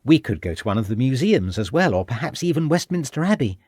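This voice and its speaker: A man voicing an eager, affectionate young wife in an audiobook, pleading and excited. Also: medium pitch, moderate pace, no room sound, clean studio sound, lightly acted. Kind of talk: audiobook character voice.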